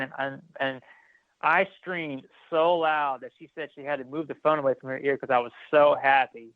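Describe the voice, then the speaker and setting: A former military firefighter, guesting on a podcast, tells stories in a casual interview, animatedly re-enacting dialogue and restarting often. His voice is medium-pitched and moderately paced. The recording is dry and thin, over a tinny phone-like line.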